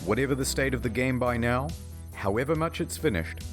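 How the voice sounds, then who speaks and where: A man's voice: medium pitch, a little fast. A man giving dry, wry scripted comedic narration for an internet documentary, with sudden jokes. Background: background music.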